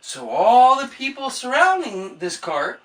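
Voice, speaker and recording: A woman's voice: a little high, very animated, measured pace, far from the mic, heavy background noise. A woman vlogger on an exasperated, profanity-laced comedic rant. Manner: exasperated, swears a lot.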